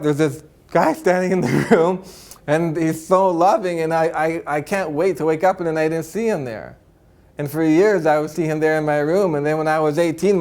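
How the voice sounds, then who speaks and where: A man with a mid-range, somewhat dark voice gives a spiritual talk to an audience as a spiritual teacher. He's earnest and upbeat, often ending points with "right?" and breaking into chuckles.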